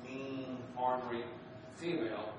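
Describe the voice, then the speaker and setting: A middle-aged male minister spins a personal story with easygoing humor, circling back and restarting his sentences as he goes. His voice sits at an ordinary pitch and rings through a very reverberant sanctuary. It comes from a distance and has clear background noise beneath it. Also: steady tone, a little slow. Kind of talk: storytelling sermon. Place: church sanctuary. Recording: very echoey hall, distant, noisy.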